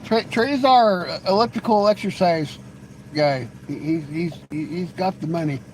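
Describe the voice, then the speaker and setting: A livestream host with a high-pitched voice chats casually with viewers at a slightly slow pace, rambling and teasing and often stammering into restarts. The audio is poor, with slight background noise.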